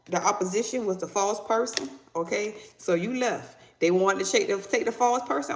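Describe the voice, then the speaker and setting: Female tarot reader, animated and playful, echoey room. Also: brisk, slight background noise. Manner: animated, bursts into high mock voices and laughter. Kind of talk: casual tarot reading.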